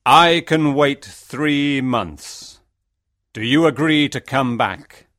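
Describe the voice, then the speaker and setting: A man voicing a huge, stern male beast in a storybook reading, speaking slowly and heavily with a commanding manner. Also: mid-range voice, fairly bright tone. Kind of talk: storybook audio acting.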